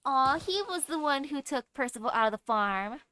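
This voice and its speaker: A young woman streaming a game, chatting excitably as she plays. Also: high-pitched, moderate pace, slight background noise. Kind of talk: casual game commentary.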